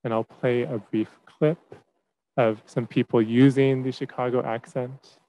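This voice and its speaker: A young man presenting to a class as a teaching fellow, relaxed, with many fillers and restarts. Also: medium pitch, unhurried, noisy background.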